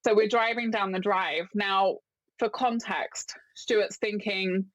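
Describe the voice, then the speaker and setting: Woman, from London, podcast guest, animated storyteller, laughs often, mid pitch, dry close sound. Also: slow, dry recording, muffled recording. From London, England. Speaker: podcast guest, business owner. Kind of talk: casual interview storytelling.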